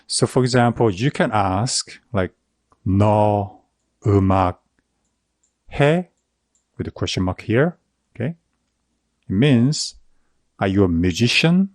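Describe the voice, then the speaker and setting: Male language teacher, native Korean speaker, lowish voice, unhurried, dry close sound. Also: lively intonation, no echo. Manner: checks in with "okay?" after each example. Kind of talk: slow explanatory lesson.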